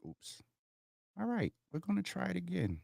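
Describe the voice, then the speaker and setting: A man hosting a casual livestream, thinking out loud as he works through technical problems and talking straight to his viewers, calling them y'all. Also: high-pitched, wildly swooping pitch, normal speed, creaky, no room sound, studio quality. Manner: thinks out loud while fixing tech problems. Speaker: livestream host.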